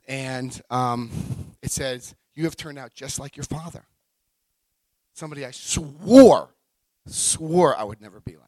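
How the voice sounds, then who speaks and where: A middle-aged man tells his own recovery story, animated and expressive, his voice sitting a little high and rising and falling widely. He acts out the moments, swinging from hushed to loud. The sound is dry and close, with no room around him. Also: no echo, low-quality recording. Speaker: recovery speaker. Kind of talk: personal recovery talk.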